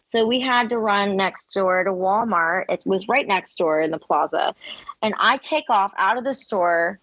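A woman's voice: mid-range voice, unhurried, dry recording, poor audio. Giggly young woman podcast co-host. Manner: animated, giggly storyteller with fillers. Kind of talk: casual storytelling chat.

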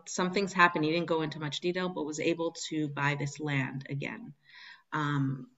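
A woman's voice: low-pitched, a bit bright, muffled recording. A spiritual medium telling a personal story in a conversation, earnest and searching, often restarting her sentences.

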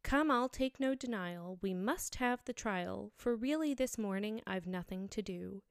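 A woman's voice: medium pitch, expressive, unhurried, creaky, clean tone, no room sound, clean studio sound. A woman voicing a cunning, bullying old male dog in a storybook verse. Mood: scheming. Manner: scheming, domineering.

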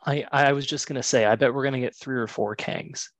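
A man's voice: medium pitch, fairly even intonation, brisk, no echo. Confident man on a podcast panel. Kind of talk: casual movie podcast chat.

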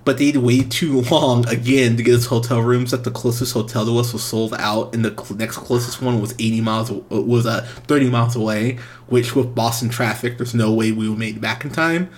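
A man's voice: medium pitch, brisk, hardly any pauses. Exasperated young man telling a story. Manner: animated, exasperated, breaks into laughs. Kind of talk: casual anecdote telling.

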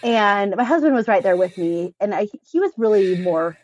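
A woman's voice: medium pitch, lively intonation, moderate pace, darkish tone, no room sound, rough recording. A woman in her thirties, a podcast guest, telling a personal story in a chatty, earnest way with frequent filler words.

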